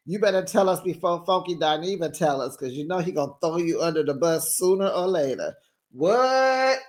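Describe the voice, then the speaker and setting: A woman's voice: fairly low pitch, lively intonation, normal speed. A woman hosting a reality TV recap channel, talking in a sassy, gossipy, casual way. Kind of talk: casual chatty recap commentary.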